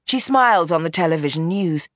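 Low husky woman reading a story aloud, dry close sound. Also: lively intonation, fairly quick, a bit bright, no echo. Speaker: audiobook narrator. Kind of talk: scripted narration.

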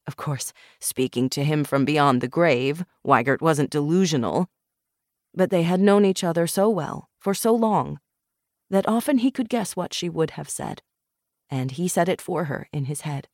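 A narrator reading a novel aloud in a measured, even manner, close to the microphone. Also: mid-range voice, no echo. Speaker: audiobook narrator. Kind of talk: scripted narration.

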